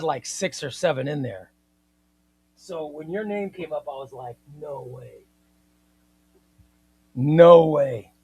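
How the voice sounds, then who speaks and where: A man's voice: high-pitched, husky, no room sound. Chatty man hosting a live stream. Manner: playful, mock-indignant, chatty and excitable. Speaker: host of a live comics stream. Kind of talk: casual live-stream chat reading viewer comments.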